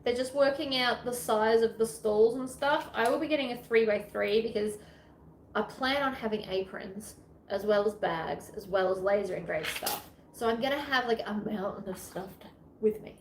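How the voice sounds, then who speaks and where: Australian woman, sewing vlogger, higher voice, chatty and self-mocking, echoey room. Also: moderate pace. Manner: chatty, self-deprecating, rambling asides. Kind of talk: casual sewing tutorial chat. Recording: echoey room with faint ambient noise.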